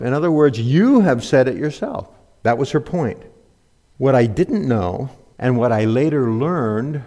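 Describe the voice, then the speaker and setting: A man delivers a sermon in an earnest, explaining way, often pausing to quote his sources. His voice sits at an ordinary middle pitch. It rings out with a long reverb, as if he is in a large hall. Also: darkish tone. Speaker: preacher.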